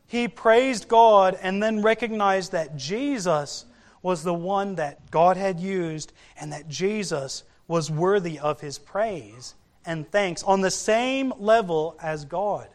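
Slow, high-voiced male preacher. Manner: slow, storytelling delivery that acts out quoted voices. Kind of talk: sermon.

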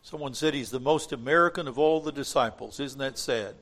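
An older man preaching a sermon in an earnest way, going from quiet, tender lines to loud, emphatic ones. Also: medium pitch, brisk. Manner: earnest, swings from soft to emphatic when quoting scripture.

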